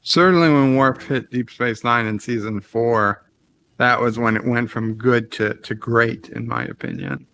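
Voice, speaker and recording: A man's voice: medium pitch, steady tone, unhurried, bright, forceful tone. A man hosting an easygoing stream chat in a mid-range voice. He talks in a playful, joking way with friends. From Australia. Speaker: host. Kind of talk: casual chat on a livestream.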